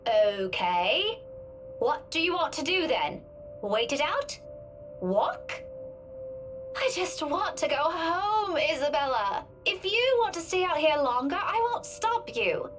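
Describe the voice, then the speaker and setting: A woman's voice: sits high, sing-song, slow pace, music in the background, heavily acted. An actress voicing Rebecca, a curt and impatient young woman who talks in a clipped, dismissive way, in a visual novel. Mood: irritated.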